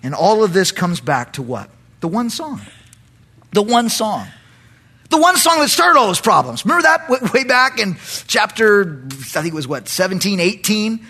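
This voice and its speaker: A man's voice: high voice, sing-song, normal speed, sharp tone, slightly rough. A male pastor preaching an expository Bible study, animatedly breaking into dramatic voices for the characters.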